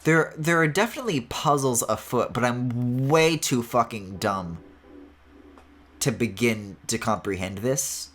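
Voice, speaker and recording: A man's voice: mid-range voice, unhurried, fairly bright tone. A man streaming a video game, chatting casually as he plays, swearing and laughing often. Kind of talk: casual let's-play commentary.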